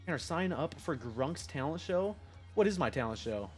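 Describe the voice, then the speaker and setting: A young man chatting on a live stream, rambling excitedly, swearing and talking to his chat. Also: a little high, normal speed, husky, soft background music.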